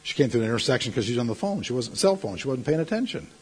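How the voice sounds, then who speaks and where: A middle-aged male pastor delivering a sermon, telling stories and breaking into sudden loud outbursts. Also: medium pitch, expressive, very fast, husky.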